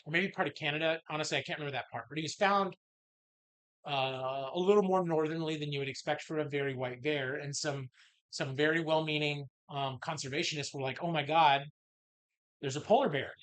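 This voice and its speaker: A man co-hosting a podcast, telling a story in casual chat and acting out the quotes with big swings in voice. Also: brisk. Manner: animated, acts out quotes with big jumps in pitch and loudness. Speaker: podcast co-host. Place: bar or lounge.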